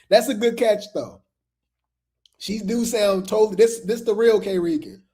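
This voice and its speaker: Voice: mid-range voice, measured pace, warm tone. A host giving casual, gossipy commentary on reality TV drama, chatting straight to viewers and repeating phrases.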